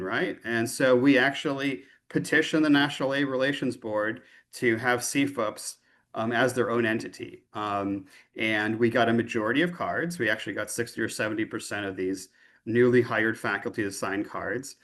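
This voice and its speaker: A man giving a lecture over a video call at an ordinary, middle pitch. He speaks loosely and conversationally, often checking in with his listeners with a tag question. He sounds like a physician union leader explaining his work. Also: normal speed, fairly bright tone.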